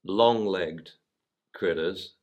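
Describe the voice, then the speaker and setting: A man hosting a casual podcast about dogs, an animated storyteller who acts out voices. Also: low-pitched, drawn-out words. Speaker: dog trainer and podcast host.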